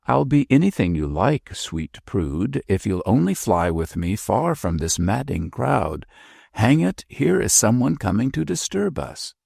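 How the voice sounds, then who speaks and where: A man voicing a playful young army captain who banters and teases, his voice pitched a little above his own and a bit husky. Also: very animated, a little slow, darkish tone, dry recording, studio quality, exaggerated voice. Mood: jaunty. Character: jaunty teasing young army captain, gentleman.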